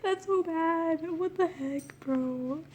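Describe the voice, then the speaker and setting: A high-voiced woman reading her own childhood story in an unhurried, easygoing way. She keeps breaking into giggles and poking fun at her writing between sentences. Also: a little mellow, slight background noise. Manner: giggly, self-mocking, breaks off to laugh. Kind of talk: casual reading with joking commentary.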